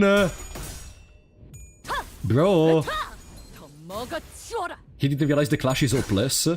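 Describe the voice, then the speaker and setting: A man's voice: mid-range voice, lively intonation, unhurried, pauses often. A man with an Italian accent, a native Italian speaker, streaming a game in casual commentary, wry and sarcastic and laughing often. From Italy. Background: faint game music.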